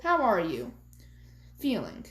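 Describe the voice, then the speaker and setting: Caring fatherly doctor in a fan audio story, played by a woman, plain and gentle, slow, roomy echo. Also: mid-range voice, huge pitch swings, heavily acted. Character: kind caring male doctor, adoptive father.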